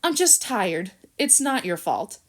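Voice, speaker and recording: A woman's voice: medium pitch, big pitch swings, takes it slowly. A woman reading a storybook, voicing a tired young woman who is close to tears and speaks in a quavering voice. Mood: quiet. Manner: quavering, wounded.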